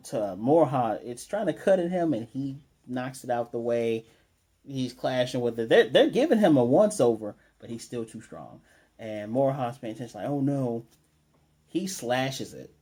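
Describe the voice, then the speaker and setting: A man's voice: medium pitch, mellow. A man casually recapping an anime episode, rambling and restarting as he quotes characters' lines. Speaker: anime reviewer.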